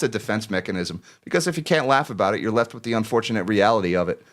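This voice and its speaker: A man's voice: fairly low pitch, fast talker, hardly any pauses, fairly bright tone. A man hosting a finance livestream, chatting casually, joking and laughing often as he thanks viewers by name and reads market numbers.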